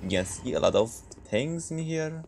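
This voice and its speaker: A man's voice: mid-range voice, expressive, unhurried, vocal fry, darkish tone, slight background noise. A man streaming a multiplayer game, chatting casually with players and laughing often. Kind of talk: casual gaming livestream chat.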